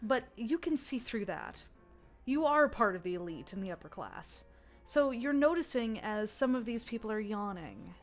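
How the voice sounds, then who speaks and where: Chatty woman game master, bright voice. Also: fairly high pitch, expressive, moderate pace, soft background music. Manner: chatty, lots of fillers and self-corrections. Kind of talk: narrating a tabletop game.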